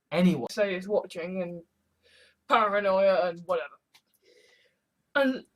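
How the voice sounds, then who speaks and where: A video essayist with a high, fairly bright voice talks in a casual vlog monologue. He stammers and repeats himself often, saying "I" over and over, and swears freely.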